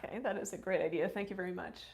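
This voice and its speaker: A woman's voice: lowish voice, steady tone, racing, creaky, darkish tone. A woman chatting casually on a live stream, reading viewer comments aloud and answering them.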